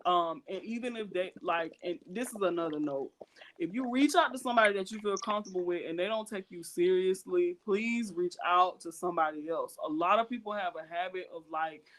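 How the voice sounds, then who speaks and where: A man with a notably high-pitched voice talks through a podcast in a loose, heartfelt way. He circles back on his points, stumbles into restarts, and slips into other people's voices when he quotes them. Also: fairly quick, a bit bright. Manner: earnest, repetitive, with lots of fillers and restarts. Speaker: podcast co-host. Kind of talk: casual podcast chat.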